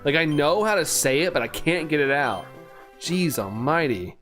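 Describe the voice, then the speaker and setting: A man's voice: on the high side, animated, normal speed, a bit bright, soft background music. Chatty self-mocking male streamer. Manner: chatty, self-mocking, reads chat aloud and laughs often. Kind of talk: casual live-stream chat.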